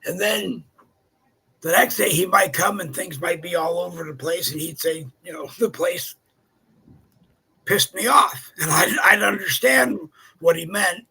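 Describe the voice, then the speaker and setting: A man's voice: high-pitched, moderate pace, creaky, sharp tone, slightly rough, poor audio. A man from California, co-hosting a casual chat show and telling chatty anecdotes. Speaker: co-host.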